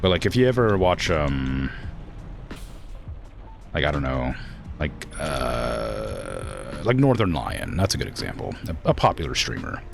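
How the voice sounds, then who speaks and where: A man's voice: a bass voice, very animated, a little slow, vocal fry, faint music behind. A young man streaming a farming game and chatting casually, with a blunt, direct way of talking that stresses words hard and can sound accusatory. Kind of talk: casual gameplay commentary.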